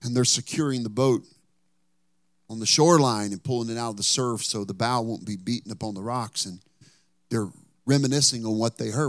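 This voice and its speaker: A male pastor preaching a sermon, telling Bible stories dramatically and rising to loud bursts. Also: mid-range voice, a little fast, no room sound.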